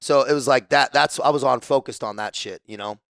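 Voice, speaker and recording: A man from the United States, a podcast guest telling stories in a casual, profane, animated way. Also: mid-range voice, brisk, creaky, smooth, no echo, clean studio sound. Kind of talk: casual storytelling.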